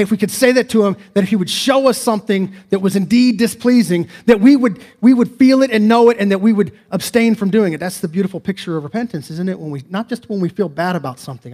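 Fervent pastor, slightly high voice. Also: male voice, a little mellow. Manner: emphatic, conversational preaching with rhetorical questions. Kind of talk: sermon.

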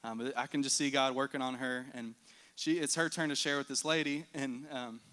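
Man, earnest church testimony storyteller; bright, smooth tone. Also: medium pitch, steady tone, a little fast. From United States. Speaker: mission team member giving report.

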